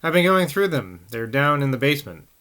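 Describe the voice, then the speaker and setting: A man's voice: medium pitch, very animated, fairly quick, sharp tone. A man voicing an intense, humorless scholarly man who talks emphatically, in a novel reading. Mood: hesitant. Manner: emphatic, breaks into eager outbursts.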